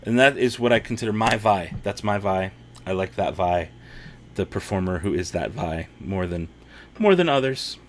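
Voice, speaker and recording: A man's voice: sits low, expressive, moderate pace, slight background noise. A man hosting a casual watch-party livestream, reading chat comments aloud and laughing often.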